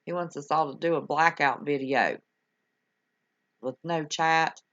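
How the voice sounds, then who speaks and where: With a low, slightly bright voice and a measured pace, an older woman chats casually with viewers as host of her livestream. Affectionate and folksy, she calls everyone honey and y'all, over dull, lo-fi home stream audio.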